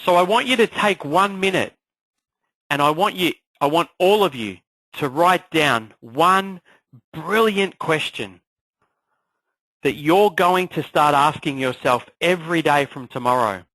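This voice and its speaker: A man coaching an online class in an energetic motivational style, firing off rhetorical questions. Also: fairly high pitch, a little slow, dry recording, low-quality recording. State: clearing a frog in his throat. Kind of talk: motivational live class talk.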